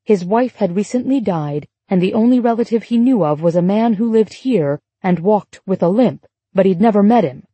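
A woman narrating an audiobook in a steady, measured storytelling voice. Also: mid-range voice, slightly rough, no echo. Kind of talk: scripted narration.

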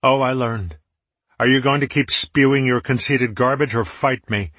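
A fierce young woman warrior, grieving yet defiant, with a husky edge, voiced by a man. Her taunts come sharp and high. The sound is dry and close. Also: normal speed, dry recording. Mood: taunting.

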